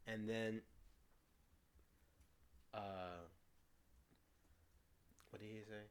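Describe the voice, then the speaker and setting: A man's voice: fairly low pitch, moderate pace. A man co-hosting a casual movie review, eagerly retelling scenes and stumbling over his words. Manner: frequent restarts and stumbles. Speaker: co-host of a movie review show.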